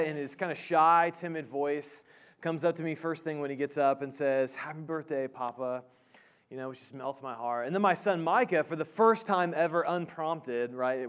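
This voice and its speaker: A male pastor in his thirties gives a casual, halting sermon full of "um"s and restarts. His voice sits a bit high for a man. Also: clean tone.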